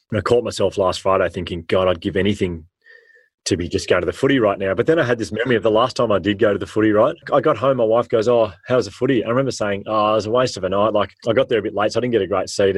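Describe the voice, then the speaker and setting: An Australian man, a former teacher, telling stories with animated, slangy energy in an interview. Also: on the low side, slightly rough, dry recording. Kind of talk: storytelling in a podcast interview.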